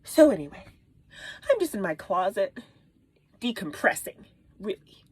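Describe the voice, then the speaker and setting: A woman in her thirties, a mother, telling a story to camera in a casual vlog, animated and exaggerated, dropping into whispered asides, recorded in a small closet. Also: medium pitch, a little slow, breathy edge. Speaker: mom vlogger.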